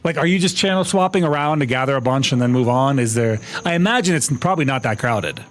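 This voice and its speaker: A young man live-streaming a game, talking to his chat in an excitable, laughing, apologetic way. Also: mid-range voice, quick pace.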